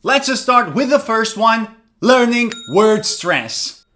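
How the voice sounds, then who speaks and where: In an online pronunciation lesson, a man with a very high-pitched voice teaches in a lively, animated way. He drills words slowly so listeners can repeat them, with soft music playing in the background.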